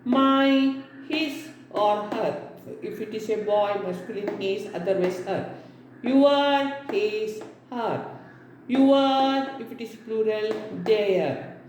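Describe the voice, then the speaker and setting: A woman's voice: mid-range voice, slow, a little mellow. A woman teaching an English grammar lesson, explaining step by step and checking in with "okay?" as she goes. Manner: explains step by step with many "now see" and "okay?". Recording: very echoey room with faint hiss.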